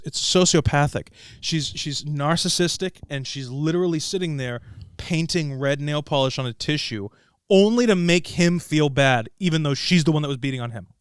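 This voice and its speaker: A young man hosting a podcast in casual chat, emphatic and animated, repeating words for stress. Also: on the high side, clean tone, no echo, studio quality. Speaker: podcast host.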